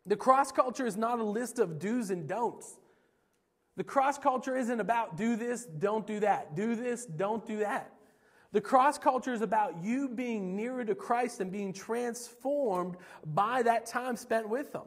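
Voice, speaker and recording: Pastor guy from pennsylvania preaching, kinda high voice, earnest and repetitive, big echo. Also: expressive, unhurried. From Pennsylvania, USA. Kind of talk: sermon. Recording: long hall reverb.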